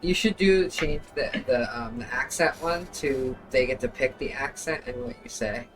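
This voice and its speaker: A woman's voice: a bass voice, normal speed, soft background music, rough recording. A woman co-hosting a live stream, bantering with a teasing, playful manner. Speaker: stream co-host. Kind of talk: casual banter.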